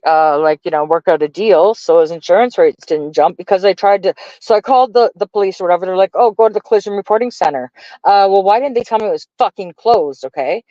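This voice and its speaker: A woman's voice: fairly low pitch, darkish tone, dry recording. Woman streamer, profane rambling rant, muffled dry mic. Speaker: livestreamer. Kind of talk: casual live-stream rant. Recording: dull dry lo-fi stream audio.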